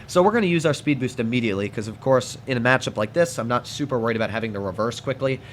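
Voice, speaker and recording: A man's voice: mid-range voice, animated, rapid-fire, a little hiss or hum. A man giving casual gameplay commentary as a gaming channel host, chatty and playful, talking to his opponents as he plays. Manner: chatty, playful, talks to enemies while playing.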